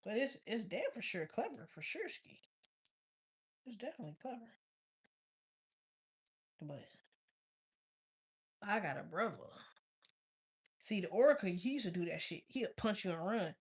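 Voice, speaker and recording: A woman chatting casually with viewers as a tarot reader, telling stories in a blunt, profane, animated way. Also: medium pitch, a little slow, long pauses, breathy edge. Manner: blunt, profane, animated storytelling with frequent laughs. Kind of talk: casual live-stream chat.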